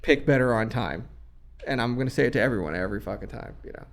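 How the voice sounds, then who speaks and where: A man's voice: medium pitch, animated, fast, vocal fry. A man who works as a recording engineer and producer, talking bluntly and emphatically in a casual podcast chat, swearing heavily.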